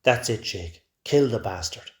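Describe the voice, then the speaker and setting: A man's voice: fairly low pitch, expressive, measured pace. A man voicing a jeering young male thug, taunting and cruel. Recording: roomy echo.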